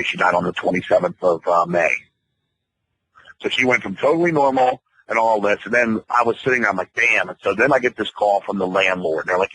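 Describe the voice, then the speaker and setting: A man's voice: deep voice, bright, forceful tone, slightly rough, rough recording. A man guesting on a radio interview, telling a long personal story in a rambling, profane way and quoting others in his own voice. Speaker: band member guest.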